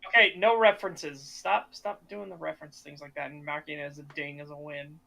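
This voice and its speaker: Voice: mid-range voice, fairly even intonation, fairly quick, vocal fry, pushed and bright. A podcast co-host in casual chat, telling stories animatedly and acting out the quotes.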